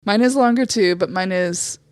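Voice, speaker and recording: A young adult woman from Montana with vocal fry and a slightly raspy voice, co-hosting a podcast in candid casual chat full of "like" fillers. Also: medium pitch, moderate pace, darkish tone, dry recording, clean studio sound. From Eastern Montana, USA. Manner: candid, frequent "like" fillers, swears freely. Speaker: podcast co-host.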